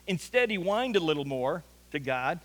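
A man's voice: a little high, big pitch swings, normal speed. A man preaching a sermon as pastor, telling a scripture story in an earnest way and often repeating words for emphasis. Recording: long reverb of a large hall.

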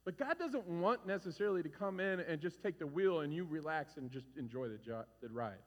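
A man in his forties preaching a sermon as a pastor, animated and conversational, acting out stories with shouts. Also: a little high, fairly quick. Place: church hall. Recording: reverberant hall.

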